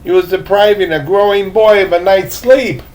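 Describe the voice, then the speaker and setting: An older man reading a novel aloud, unhurried, now and then breaking off with asides of his own. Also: sits high, a little mellow. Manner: unhurried, breaks off to chat about his drink. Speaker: reader.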